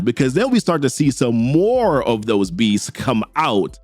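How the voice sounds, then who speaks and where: Animated man casually recapping comics. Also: medium pitch, a little slow, dry recording, soft background music. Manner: animated, chatty retelling with slang. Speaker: comic book recap host.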